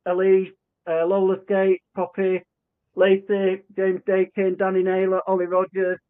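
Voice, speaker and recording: A man's voice: high-pitched, unhurried, clean tone. Man on a tinny remote line. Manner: animated, acts out quoted dialogue, frequent restarts. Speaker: podcast guest. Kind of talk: conversational storytelling.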